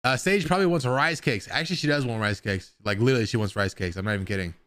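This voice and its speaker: Guy streamer rambling to chat, swears a bit, smooth clear voice. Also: mid-range voice, racing, fairly bright tone. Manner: rambling, chatty, swears casually. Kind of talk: casual live-stream chat.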